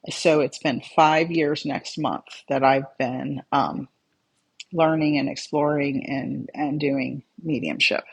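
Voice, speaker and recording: Husky-voiced medium, mid-pitched, relaxed advice chat with viewers. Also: takes it slowly. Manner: calm, conversational, reads out viewer comments and replies. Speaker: spiritual medium answering viewer comments. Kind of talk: casual livestream advice chat.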